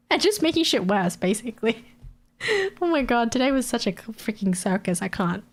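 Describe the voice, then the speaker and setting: A woman's voice: fairly high pitch, very animated, normal speed. A woman streamer chatting casually, ranting with frequent swearing and laughter. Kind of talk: casual live-stream chat.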